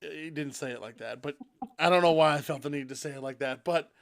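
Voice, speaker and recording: A man co-hosting a podcast in casual chat, excitable and profane, with sudden loud outbursts. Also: fairly high pitch, fairly quick, gravelly. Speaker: podcast co-host.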